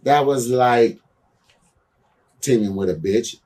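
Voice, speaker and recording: Far from the mic, a man with a medium-pitched, darkish voice speaks slowly as a shoot-interview guest, a former pro wrestler. He's blunt and profane, peppering his tales with "you know what I'm saying," and he turns heated when grudges come up.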